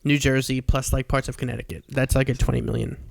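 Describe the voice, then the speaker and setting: A man's voice: medium pitch, fairly even intonation, fast, creaky, dry recording. A young man co-hosting a podcast from his home, joking in a dry, playful way. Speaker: podcast co-host. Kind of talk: casual chat. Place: home in Queens.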